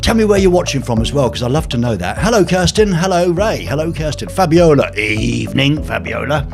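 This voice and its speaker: Lively rambling man hosting a live stream. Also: on the high side, brisk, vocal fry, over music. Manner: rambling, jokey, lots of fillers. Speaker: live show host. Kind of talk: casual live stream chat, greeting viewers. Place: home penthouse flat.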